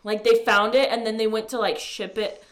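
A woman's voice: on the high side, little pitch movement, a little fast. A woman co-hosting a casual podcast, explaining her point with many "um"s and "like"s. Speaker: podcast co-host.

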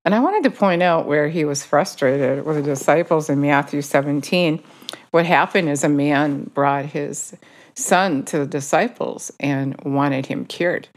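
A woman with a notably low voice gives an informal sermon. She talks in a conversational way, stopping to correct herself mid-verse. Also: unhurried. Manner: conversational, self-correcting while quoting scripture. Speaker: Bible teacher.

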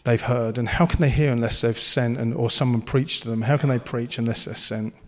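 A man's voice: medium pitch, steady tone, a little fast, big-room sound. A man preaching a sermon, earnest and encouraging, and he slips into playful banter. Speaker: pastor.

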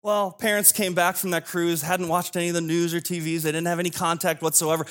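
Man, high voice, sermon, storytelling, conversational asides. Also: level tone, brisk, a bit bright. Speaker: pastor.

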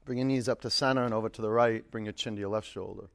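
A man's voice: lowish voice, steady tone, fast, creaky, clear, resonant tone. A man leading a live yoga class, calling out counts and motivating cues, with casual storytelling asides. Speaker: yoga instructor.

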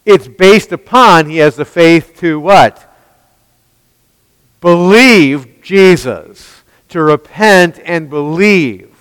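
Emphatic preacher man, smooth voice. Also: on the high side, slow pace, a bit bright, no echo, big-room sound, rough recording. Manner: emphatic, asks the listeners rhetorical questions. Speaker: pastor. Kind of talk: expository sermon.

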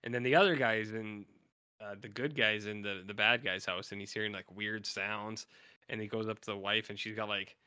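A man co-hosting a podcast, chatting casually about horror movies, rambling and mumbling flat asides. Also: fairly low pitch, normal speed, smooth, no room sound, clean studio sound. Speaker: podcast co-host.

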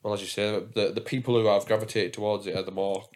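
A man's voice: fairly low pitch, flat delivery, fast. A man hosting a casual podcast, chatty and self-mocking, swearing freely as he tells stories. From England. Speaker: podcast host.

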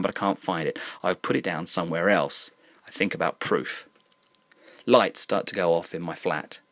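A man reading a first-person horror story aloud in an uneasy, brooding, measured way. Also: low-pitched, fairly bright tone, dry recording.

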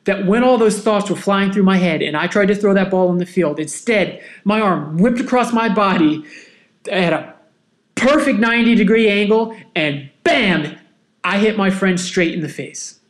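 A man hosting a podcast, telling a personal story in a casual, animated, self-mocking way. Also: sits high, moderate pace. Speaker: podcast host.

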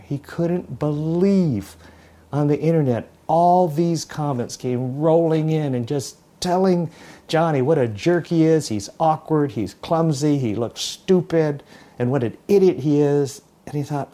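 A pastor delivers a sermon to a mixed congregation. His voice is mellow and warm, and he talks in a relaxed, conversational way as he tells a parable. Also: a little high, a little slow. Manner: storytelling, conversational.

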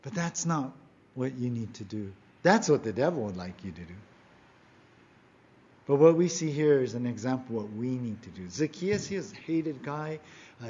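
A man's voice: mid-range voice, lively intonation, moderate pace, mellow, breathy edge, dull audio. A man preaching a sermon as pastor, earnest and emphatic, often asking his listeners questions.

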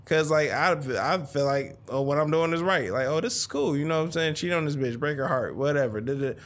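A man's voice: fairly high pitch, fairly quick. A man in his thirties co-hosting a podcast, talking in loose, profane banter and laughing often. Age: 30s. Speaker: podcast co-host. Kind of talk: casual podcast chat.

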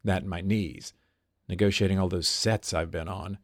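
A man's voice: low-pitched, steady tone, normal speed, no echo, studio quality. A man reading out the lines of a gracious, self-mocking veteran female stage star, in a clipped, slightly smoky voice. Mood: warm teasing. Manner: clipped lockjawed voice, a little smoky.

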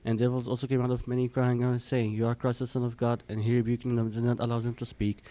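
Male gospel reader, quick steady reading, dark smooth voice. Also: mid-range voice. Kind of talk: liturgical scripture reading.

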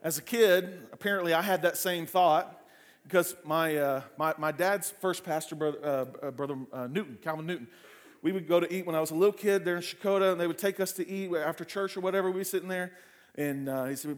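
A male pastor preaching a sermon, telling family stories with humor and lively asides. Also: on the high side, fairly quick. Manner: frequent fillers and restarts in anecdotes.

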